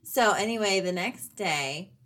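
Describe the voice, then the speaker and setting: A woman in her forties talks to her followers in a loose, chatty vlog. She speaks at a middle pitch and fills her sentences with "um" and "you know". The tone is relaxed and personal. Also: a little slow. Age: 40s. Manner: chatty, many fillers and laughs, addresses viewers. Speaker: vlogger. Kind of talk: casual personal update.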